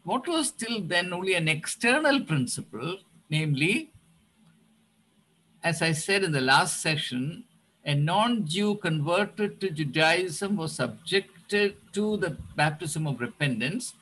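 An older man with an Indian English accent, giving a reflective spoken lecture on Christianity, often pausing with fillers and restarts. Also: fairly high pitch, lively intonation, pushed and bright, rough recording.

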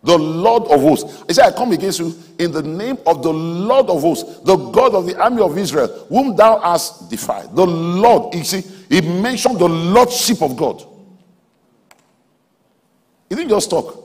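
Husky preacher man, booming in a hall. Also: very animated, a little slow. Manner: emphatic, swings between soft asides and loud exhortation. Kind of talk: sermon. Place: large auditorium. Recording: hall reverb from a large auditorium.

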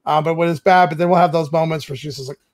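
A man's voice: fairly high pitch, steady tone, fast. A man chatting on a live stream, telling stories animatedly and slipping into playful quoted lines. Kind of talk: casual live-stream chat.

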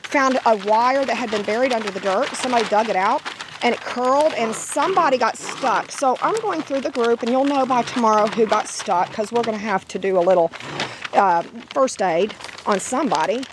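A woman with a hoarse voice from laryngitis, rambling in a casual vlog and slipping into sing-song baby talk with her puppies in an outdoor yard. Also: fairly high pitch, brisk, noisy background. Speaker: dog breeder.

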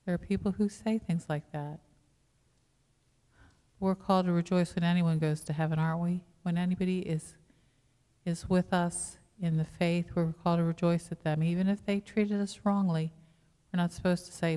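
A woman pastor delivers a sermon in a church, her fairly low voice smooth and resonant. She preaches in a chatty way, often asking the congregation questions. The sound carries a long church reverb. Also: steady tone, normal speed, warm tone. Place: church sanctuary.

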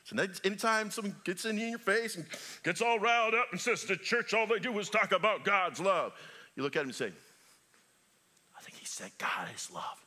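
A middle-aged man preaching in a church sanctuary, his voice pitched high and sharply bright. He jokes with the congregation and leaps between booming calls and hushed asides. His delivery is wildly expressive, rising and falling all through. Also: fairly quick. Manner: animated, joking preacher with big swings in loudness. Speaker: pastor. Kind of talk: sermon.

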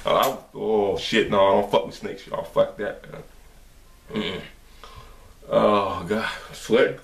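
Brief: male reaction host, loud and profane, mid pitch, sits back from the mic in a roomy space. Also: slow pace, creaky, distant mic. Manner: profane, excitable, shouts and laughs at clips. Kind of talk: casual reaction commentary. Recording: echoey room, voice off-mic, faint noise.

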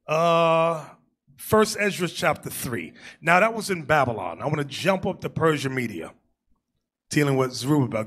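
A man preaching a sermon as bishop, telling stories with jokes and loud shouted asides. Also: on the high side. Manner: animated, joking storytelling with shouted asides.

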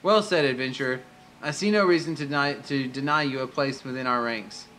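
A man's voice: medium pitch, brisk, bright, forceful tone, a little hiss or hum, natural voice, rough recording. A man reading the lines of a proud male guildmaster of lancers in formal, old-fashioned phrasing. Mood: approving. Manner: formal, archaic phrasing read aloud.

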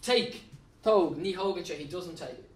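Irish male teacher, higher-pitched, patient and plain, recorded off-mic in an echoey classroom. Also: measured pace, recorded from a distance, slight background noise. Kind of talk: recorded classroom lesson at a whiteboard. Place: classroom with a whiteboard.

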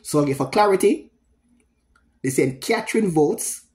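A man's voice: fairly high pitch, expressive, a little mellow. Emphatic Jamaican man talking politics. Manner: emphatic, repetitive, pausing often. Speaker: political commentator. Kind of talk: solo political commentary video.

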